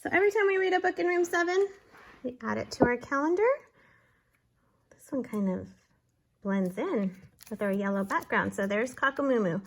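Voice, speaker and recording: A woman teaching a young class from home, giving a slow, clear and encouraging lesson and reading a picture book aloud. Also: high-pitched, expressive, roomy sound. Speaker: kindergarten teacher. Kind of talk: remote class lesson and story read-aloud.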